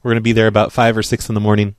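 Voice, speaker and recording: A man making a prank phone call, talking in a pushy, deadpan, matter-of-fact way. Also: lowish voice, very fast, dry recording, studio quality. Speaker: prank caller.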